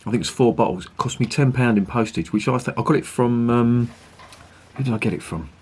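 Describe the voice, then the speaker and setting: A man's voice: mid-range voice, a little fast, a little mellow, husky. A man reviewing a beer to camera, chatty and enthusiastic, swearing casually.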